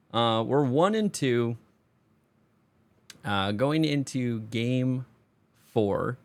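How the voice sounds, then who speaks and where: A man's voice: lowish voice, gravelly. A man streamer doing voice-over commentary on his card game play, self-mocking and exasperated, swearing freely.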